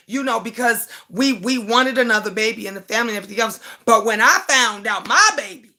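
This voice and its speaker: Bright-voiced older woman chatting to viewers. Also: on the high side, lively intonation, fast talker, hardly any pauses. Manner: talks straight to her audience, repeats herself, speaks with feeling. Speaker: YouTube live-stream host. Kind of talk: emotional casual live chat to viewers.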